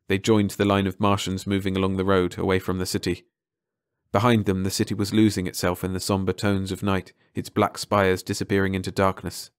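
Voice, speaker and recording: A man narrating an audiobook in calm, measured scripted narration. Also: low-pitched, dry recording, studio quality.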